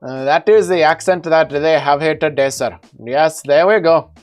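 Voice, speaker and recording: A man's voice: a little high, moderate pace, faint music behind, close to an everyday voice. A man putting on an Indian accent for a formal, sir-saying character. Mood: mock formal. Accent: Indian, put on.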